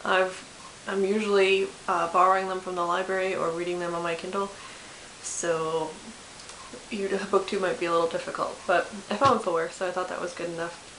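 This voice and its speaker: A woman's voice: on the low side, level tone, moderate pace, fairly bright tone. Chatty young woman, echoey room. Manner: chatty, self-deprecating, many fillers and restarts. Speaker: book vlogger. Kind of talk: casual chat. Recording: echoey room with faint hiss.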